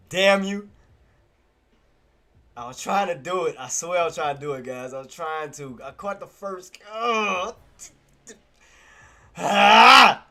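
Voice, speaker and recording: A man live-streaming his day trading, muttering his moves to himself and breaking into loud, exasperated laughing outcries. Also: a little high, a little fast, hardly any pauses. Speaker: livestreamer trading on camera.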